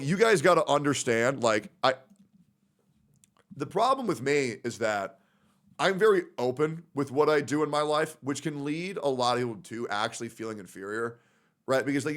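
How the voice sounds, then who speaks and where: A man with a slightly high, somewhat bright voice runs a casual livestream. Rambling and swearing freely, he gets emotional as he reads out messages sent by friends.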